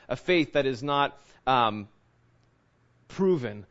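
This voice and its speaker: A man preaching a conversational sermon, lively and full of fillers and restarts. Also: medium pitch, measured pace, muffled recording. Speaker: pastor.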